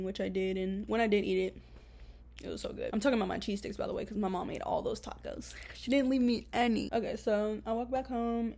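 A woman's voice: medium pitch, creaky, warm tone. A young woman vlogging in a casual, rambling way, telling a story full of slang and "like". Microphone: camera mic.

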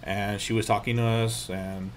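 A man's voice: on the low side, moderate pace, a little hiss or hum. A young man co-hosting a casual paranormal chat, telling stories animatedly and swearing freely. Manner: animated storyteller, swears freely, acts out quotes. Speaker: podcast co-host.

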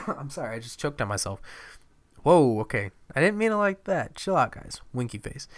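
A man's voice: mid-range voice, very animated, normal speed. A man commentating over a wrestling video game, playful and jokey, swearing often. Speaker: gaming commentator. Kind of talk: let's play commentary.

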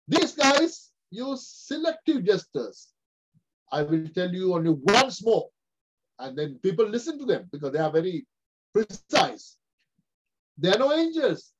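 An older Sri Lankan man with a high-pitched voice gives a lively webinar lecture over a video call, and the audio sounds dull. He's animated as he explains, acting out characters and giving them quoted voices.

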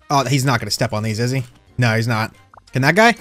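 Man, gameplay commentary, playful trash talk, mid pitch, dry close mic, faint background music. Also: normal speed, long pauses, dry recording. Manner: playful trash talk to other players, sudden excited yelps. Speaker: gaming YouTuber.

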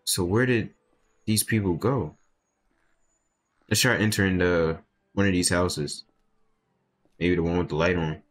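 A young man commentating a game in a casual way, reading the on-screen dialogue aloud and breaking into sudden loud outbursts. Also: low voice, steady tone, measured pace, pauses often. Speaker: gameplay video host.

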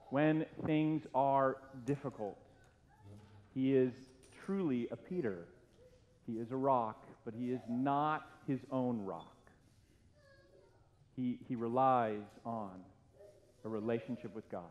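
A middle-aged man, a former youth pastor, tells a self-mocking story as a tribute at a church retirement party. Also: medium pitch. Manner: self-deprecating, animated storyteller. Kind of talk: humorous anecdotal tribute speech. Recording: echoey hall, dull lo-fi, faint hiss.

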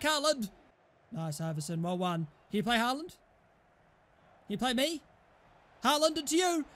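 High, bright excitable gamer. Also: male voice. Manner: excitable, shouts and swears at teammates. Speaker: gaming YouTuber. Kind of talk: live gameplay commentary.

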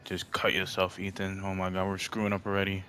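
A man's voice: low-pitched, completely flat delivery, a little fast, pushed and bright, slight background noise. A man doing let's-play commentary, jumpy and easily scared, talking to himself as he plays. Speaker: gamer.

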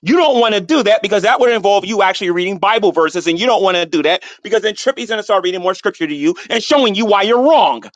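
Man with a high, very animated voice, arguing in an online voice room and spelling things out slowly to his opponent. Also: no room sound. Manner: condescending, repeats himself slowly for emphasis; argumentative, defends his reading of scripture. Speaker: debater in an online audio room. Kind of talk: heated debate.

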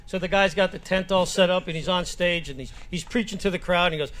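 A man's voice: a little high, quick pace, few pauses. A man telling dirty jokes to friends and acting out each character in the story. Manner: animated joke-teller, acts out characters. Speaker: comedian at a memorial show.

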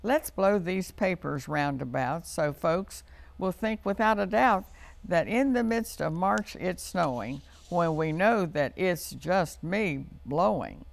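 A woman's voice: on the low side, animated, takes it slowly, creaky, heavily acted. A woman voicing the playful, boastful male March wind in a read-aloud storybook, chanting his lines in rhyme. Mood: cheerful. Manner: rhyming, sing-song.

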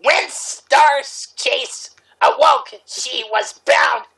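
A man putting on a shrill, nasal voice inspired by a famous comedian, reading a bad fan story aloud with drawn-out yells. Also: creaky, full character voice. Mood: shrill melodrama. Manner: drawn-out, yelling dramatic reading. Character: shrill nasal male reader, Gottfried-style squawker. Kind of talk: comedic fanfic reading in a put-on voice.

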